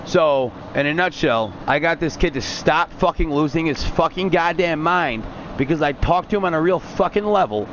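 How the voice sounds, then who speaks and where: A man's voice: on the high side, moderate pace, a little hiss or hum. A young man casually telling a long personal story, rambling, swearing a lot. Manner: profane, rambling, animated retelling.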